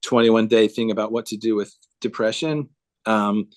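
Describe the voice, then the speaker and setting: A man's voice: lowish voice, steady tone, normal speed. A man speaking earnestly on a video call, telling a story with emphasis and acting out the dialogue. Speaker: guest speaker.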